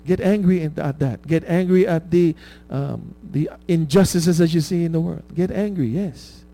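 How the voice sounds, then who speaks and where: A male preacher with a high, mellow voice gives a conversational sermon at normal speed, with some vocal fry. He keeps checking in with "right?" and laughs at his own examples.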